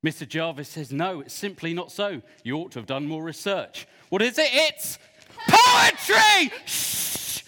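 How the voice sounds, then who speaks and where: A man's voice: a little high, very animated, normal speed, hardly any pauses, sharp tone. Man playing a pompous serpent poet. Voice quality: pompous, hissing shushes. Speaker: children's church entertainer. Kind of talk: comic character performance. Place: large church hall. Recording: echoey hall.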